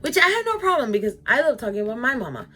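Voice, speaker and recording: A woman's voice: fairly high pitch, very animated, very fast, bright, forceful tone. A woman in her twenties chatting to viewers in a casual storytime vlog, full of "like" fillers. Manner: chatty, lots of "like" fillers, addresses viewers directly. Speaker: vlogger.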